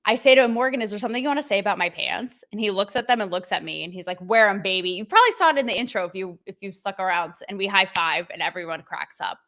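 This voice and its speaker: A woman's voice: mid-range voice, expressive, fast talker, hardly any pauses, a bit bright. Brash, blunt woman hosting a live chat. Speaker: show host. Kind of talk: livestream commentary to chat.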